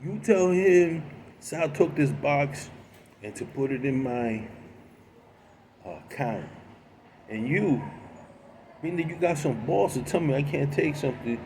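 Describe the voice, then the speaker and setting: A man voicing a heavy-set male mobster, bossy and threatening, with gruff tough-guy talk. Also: fairly high pitch, animated, a little slow, long pauses, background noise, voice pushed up. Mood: menacing.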